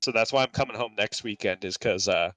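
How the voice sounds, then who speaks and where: A young man with a bright, forward voice recounts a family story to friends, chuckling through it. His home mic sounds dry, with no room around it. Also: on the low side, fairly quick, no echo, distant mic. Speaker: podcast co-host. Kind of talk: casual storytelling among friends. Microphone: home streaming mic.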